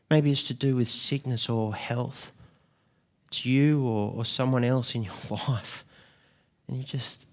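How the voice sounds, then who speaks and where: A man's voice: medium pitch, fairly even intonation, measured pace, vocal fry. A man preaching a sermon in an earnest way, often restarting and repeating words as he goes.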